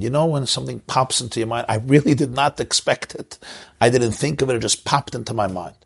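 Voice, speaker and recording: A man's voice: mid-range voice, brisk, vocal fry, slightly rough. A man, a rabbi from Crown Heights, telling an emotional story in a sermon and mixing in Yiddish and Hebrew words. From Crown Heights, Brooklyn.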